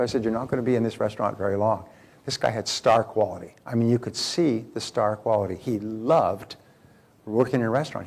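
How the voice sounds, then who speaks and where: An older male motivational speaker with a gravelly, creaky edge to his voice. He lectures in a loose storytelling way to a live seminar audience, circling back and repeating phrases as he goes. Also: mid-range voice, a little mellow. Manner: conversational, rambling anecdotes with repeated phrases and restarts.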